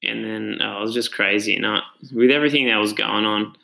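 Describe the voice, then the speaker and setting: A man's voice: lowish voice, steady tone, brisk, vocal fry, pushed and bright, rough recording. An Australian man who runs a gym tells his own story in a casual, earnest and reflective way. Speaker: gym owner and trainer.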